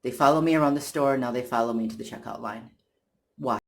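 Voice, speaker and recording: Vlogger, casual personal retelling; halting, repetitive, irritated delivery at a middling pitch. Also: creaky, slight background noise. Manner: halting, many restarts and repeated words. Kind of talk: casual first-person account.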